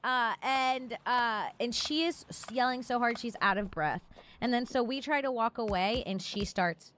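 Young woman, high voice, lively storyteller who swears a lot; faint background noise. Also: moderate pace. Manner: animated storyteller, swears freely, acts out shouted quotes. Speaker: podcast host. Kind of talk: storytelling in casual chat.

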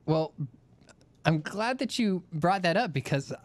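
A man's voice: high-pitched, expressive, measured pace, dry recording. A man co-hosting a comedy podcast, riffing playfully in improv.

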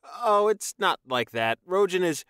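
A man's voice: sits high, sing-song, measured pace, a bit bright, clean tone, no echo, studio quality, pitched above the performer's own voice, exaggerated voice. A man narrating an audiobook, voicing an anxious young man who is eager to please, in a raised, earnest voice. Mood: flustered. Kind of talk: audiobook character voice.

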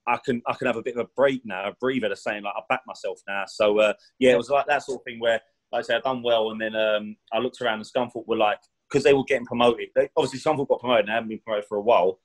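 A man's voice: medium pitch, steady tone, fast, rough recording. A former professional footballer as a podcast guest, telling his career stories in a chatty, rambling way. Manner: rambling, chatty, fond of "do you know what I mean"; acts out quoted speech with raised voice. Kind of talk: casual storytelling interview.

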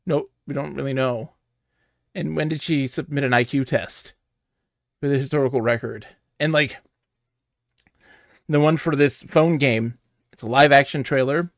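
A man's voice: mid-range voice, fairly even intonation, moderate pace, vocal fry, pauses often, no echo, studio quality. A man streaming a video game at home, chatting casually in a giggly, rambling way and telling stories with animation. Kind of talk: casual live-stream chat.

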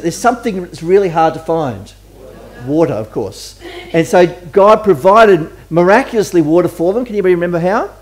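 A man's voice: fairly high pitch, a little mellow. A man preaching a conversational sermon to a church congregation and asking them questions as he goes. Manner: chatty, asks the congregation questions. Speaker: pastor. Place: church service before a congregation.

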